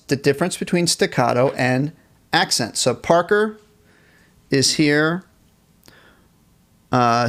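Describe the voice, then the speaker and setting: A man with a slightly higher voice leads a live online band class. He cheerfully answers questions from the chat and keeps encouraging the players. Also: fairly bright tone. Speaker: music teacher.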